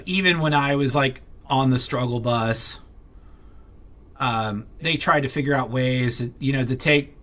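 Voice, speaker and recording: Bright-voiced man venting in a rambling vlog. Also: mid-range voice. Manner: rambling, many fillers and restarts; irritated, blunt, swears. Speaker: vlogger. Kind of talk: casual venting to camera.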